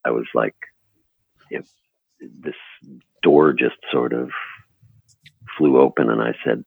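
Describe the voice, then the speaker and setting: An older man from Buffalo with a very deep, gravelly, husky voice, telling stories in a halting, chuckling way. His voice comes through a tinny, phone-like remote line that sounds dry and close. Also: steady tone, dry recording. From Buffalo, New York, US. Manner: halting, restarts often, chuckles. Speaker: guest actor. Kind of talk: casual interview storytelling.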